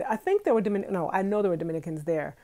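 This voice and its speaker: A woman in her forties, originally from Brooklyn, talks into a handheld phone in a relaxed live chat with her viewers. Her voice is warm and mellow. She laughs easily and keeps answering comments as they come in. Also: mid-range voice, very fast. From Brooklyn, New York. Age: 40s. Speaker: vlogger. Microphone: phone held in hand.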